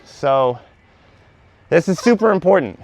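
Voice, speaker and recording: A man's voice: unhurried, dry recording. Out-of-breath man explaining dog training. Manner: very animated, high excited praise to the dog. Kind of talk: vlog explaining training while working a dog.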